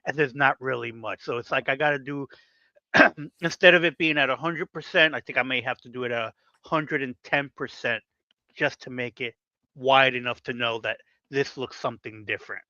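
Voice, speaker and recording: A man's voice: medium pitch, moderate pace, sharp tone, no room sound, highs cut off. A man who letters comics, chatting casually and explaining his work at length. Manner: explains at length, acts out editors' requests. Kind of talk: casual podcast chat.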